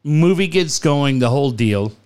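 Lively middle-aged man swapping radio stories. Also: a little high, clear, resonant tone. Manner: quick interjections, animated retelling of listener stories. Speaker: radio show co-host. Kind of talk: casual chat.

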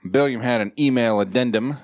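A man's voice: medium pitch, fairly quick. A young adult man hosting a casual podcast, reading listener stories with sardonic, swearing banter. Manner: sardonic, lively, swears freely.

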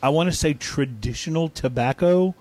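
A man hosting a casual chat, easygoing and quick to laugh, asking his guests questions. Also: fairly high pitch, a little mellow. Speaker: host.

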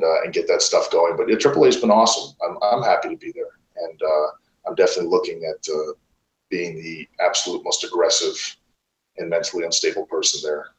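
Low-voiced profane wrestler in echoey room. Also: male voice, brisk. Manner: profane, rambling with many fillers. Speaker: pro wrestler guest. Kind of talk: casual interview storytelling. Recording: roomy echo.

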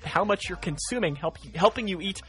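A man with a high-pitched, brisk voice hosts a morning radio show. He chats casually and reads the news and weather in a relaxed, plain way.

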